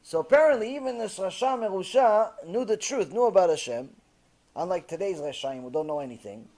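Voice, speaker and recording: A man's voice: high voice, lively intonation, fairly quick, darkish tone. A man preaching as a rabbi, retelling a story with passion and frequent fillers. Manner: impassioned, many fillers. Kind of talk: sermon storytelling.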